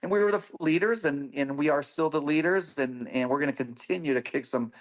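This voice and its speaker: A man's voice: fairly high pitch, a little fast. A man, a guest on a podcast, telling stories about designing parts in an eager, anecdotal way. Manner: enthusiastic, anecdotal storytelling. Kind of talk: casual podcast interview.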